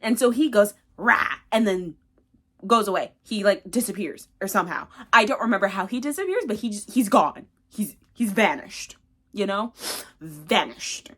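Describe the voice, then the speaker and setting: A woman's voice: medium pitch, lively intonation, normal speed. A young woman recapping a book casually, rambling with lots of fillers. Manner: rambling, filler-heavy, chatty. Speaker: book reviewer.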